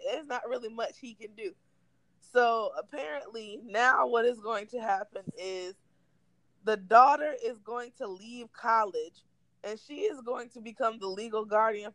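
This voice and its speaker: A young woman co-hosting a podcast, telling a story in an animated, slangy, comic way. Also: on the high side, no room sound, rough recording. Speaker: podcast co-host. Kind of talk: casual storytelling chat.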